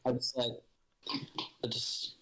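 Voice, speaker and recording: A man chatting casually with a co-star on a stream, talking quickly and warmly about the acting they shared. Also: poor audio. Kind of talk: casual chat.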